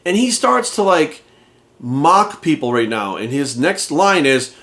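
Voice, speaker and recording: A fitness coach rants into his channel, heated, indignant and swearing freely. His voice sits a little higher than most men's. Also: big pitch swings, measured pace, fairly bright tone. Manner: profane, heated, indignant ranting. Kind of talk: ranting commentary to camera.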